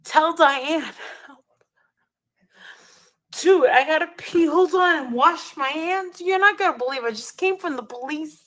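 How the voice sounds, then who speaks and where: A woman's voice: high-pitched, a little slow, pauses often, distant mic, rough recording. Brash, foul-mouthed woman ranting on a livestream. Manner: brash, loud, demanding, swears constantly. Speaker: livestream host. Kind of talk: profane livestream rant.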